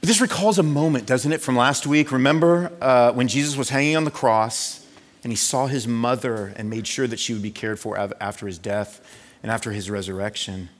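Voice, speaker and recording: A man's voice: mid-range voice, a little fast, in a large hall. A man preaching a sermon as pastor in a casual, conversational way, often checking in with his listeners. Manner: conversational, asks "right?" often.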